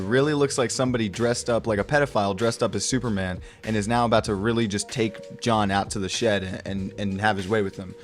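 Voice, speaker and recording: A young man with a slightly low voice talks through a comic book in a loose, rambling way, full of swearing and jokes. He keeps breaking into quick put-on voices for the characters, and faint music plays behind him. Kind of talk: casual solo review.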